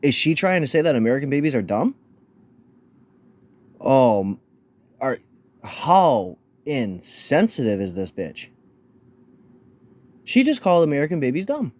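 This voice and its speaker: A man's voice: mid-range voice, big pitch swings, measured pace, pauses often, darkish tone. A man hosting a casual reaction video, mocking and crude, tripping over repeated words as he rants.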